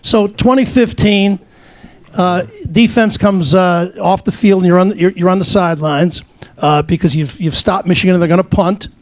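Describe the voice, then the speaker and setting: A man with a high voice moderates a sports panel at a luncheon. He stops and restarts his questions often. The sound is dry and close. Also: steady tone, normal speed, darkish tone, no echo. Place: luncheon event.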